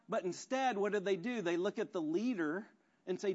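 A man's voice: high voice, moderate pace, darkish tone. Man preaching a casual sermon, lo-fi. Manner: conversational, self-deprecating, rhetorical questions. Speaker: pastor.

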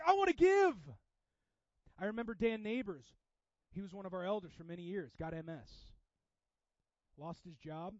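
A man preaches with a high, lively voice, pushing some lines hard and dropping others to a hush. The recording is dry and a little dull. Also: no room sound. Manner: animated, swings from loud emphasis to quiet intensity. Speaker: pastor. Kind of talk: sermon.

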